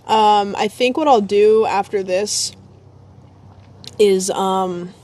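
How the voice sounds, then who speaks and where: A woman's voice: medium pitch, takes it slowly, a little mellow. A woman live-streaming from her phone at home, chatting casually to her viewers and her dog as she grills. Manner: chatty, rambling, talks to her dog and chat.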